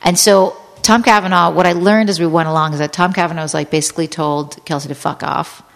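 A woman actress and podcast guest with a lowish voice tells blunt, profane, self-deprecating stories, full of "like" and restarts. A long reverb trails each phrase. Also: fairly even intonation, fast talker, creaky. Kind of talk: candid podcast storytelling.

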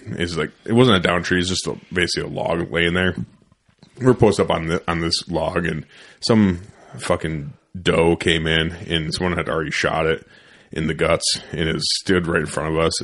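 Podcast host, young man, deep low voice, loose profane storyteller, studio chat. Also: a bit bright.

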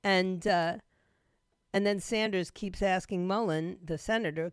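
A woman hosting a talk radio show with a scratchy throat, retelling news in an animated way with laughing asides. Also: lowish voice, moderate pace, dry recording, studio quality.

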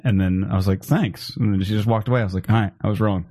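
A man's voice: lowish voice, steady tone, fast, dark tone. A man hosting a casual comedy podcast, talking in a dry, laid-back and profane way. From Phoenix, USA. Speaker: podcast host.

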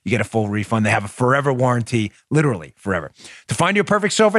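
A man's voice: mid-range voice, sing-song, very fast, a bit bright, dry recording, studio quality. A man hosting a political talk show, talking in an emphatic, punchy, conversational way and reading ads. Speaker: host.

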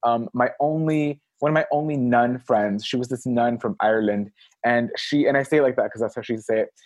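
A man guest on a podcast, chatting casually and telling stories with big acted-out quotes that jump high. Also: fairly quick, no echo. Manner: animated storyteller, acts out quotes in big high voices. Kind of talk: casual chat. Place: Los Angeles area.

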